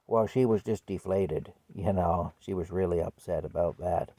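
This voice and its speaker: A man telling a personal story from his childhood in a conversational, reflective way, with soft laughs here and there. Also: sits low, normal speed, few pauses.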